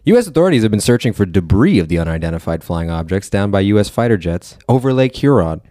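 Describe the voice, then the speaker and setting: A man's voice: fairly low pitch, big pitch swings, fast, mellow, dry recording, studio quality. A man co-hosting a podcast, joking wryly and reading a news story aloud. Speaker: podcast co-host.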